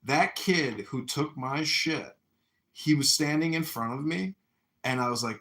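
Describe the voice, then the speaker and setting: An American man telling a story in a casual chat, animated, acting out shouted voices. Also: a little high, a little slow. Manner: animated, acts out yelling voices in stories. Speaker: podcast host.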